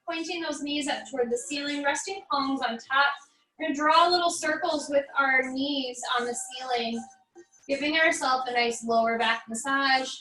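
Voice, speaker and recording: High-voiced American woman leading a stretch class. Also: roomy sound, recorded from a distance, rough recording. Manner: calm, encouraging cues with light jokes. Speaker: fitness instructor. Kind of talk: guided barre stretching class.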